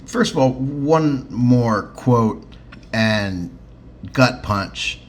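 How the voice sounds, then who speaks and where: Sarcastic man on a podcast, mid-pitched. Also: expressive, drawn-out words. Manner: joking, sarcastic, swears freely, many ums and uhs. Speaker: podcast co-host. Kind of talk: casual podcast chat.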